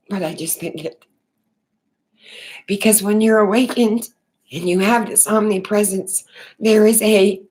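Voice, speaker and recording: Woman vlogger, mid-pitched, unhurried, earnest spiritual musing with frequent pauses and restarts. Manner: earnest, halting, many fillers and restarts. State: tearful. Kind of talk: unscripted spiritual monologue.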